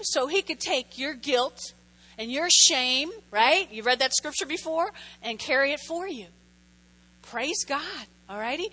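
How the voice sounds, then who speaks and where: High, bright-voiced woman pastor preaching. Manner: chatty, keeps checking in with the audience. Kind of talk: sermon.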